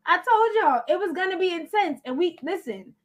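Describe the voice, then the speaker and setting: A woman's voice: extremely high pitch, lively intonation, moderate pace. A woman hosting a podcast in upbeat casual chat, steering the talk and wrapping up. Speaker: podcast host.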